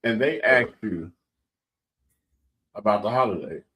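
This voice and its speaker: A man's voice: lowish voice, lively intonation, measured pace, a bit bright. A man co-hosting a casual radio talk show, asking questions and telling stories. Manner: storytelling, asks leading questions. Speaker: radio co-host.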